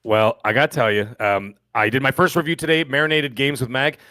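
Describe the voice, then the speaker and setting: A middle-aged man from Canada rattles along quickly as a podcast co-host. His talk is chatty and jokey, full of stories. The sound is dry and close, with no room around it. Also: medium pitch, pushed and bright, no room sound. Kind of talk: casual podcast chat.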